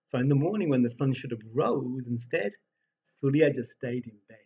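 Husky male storyteller, muffled sound. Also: medium pitch, brisk. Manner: animated, asks the listeners questions. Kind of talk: live oral storytelling for families.

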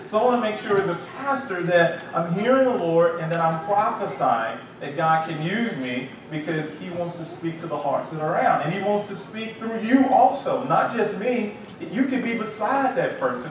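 Pastor in an echoey church. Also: male voice, high-pitched. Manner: animated preaching with asides and acted quotes. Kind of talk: Bible study teaching. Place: church sanctuary. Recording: echoey room, distant mic, faint hiss.

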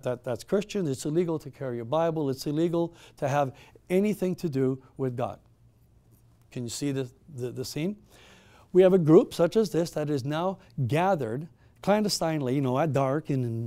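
Middle-aged man, fairly high voice, mellow tone, emphatic storyteller, rhetorical questions. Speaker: town hall host and moderator. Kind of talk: storytelling address to a live audience.

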